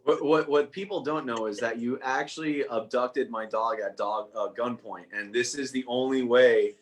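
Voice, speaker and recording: Brief: male guest on a video call, deadpan jokes, rambling. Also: mid-range voice, moderate pace. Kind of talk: casual video-call chat.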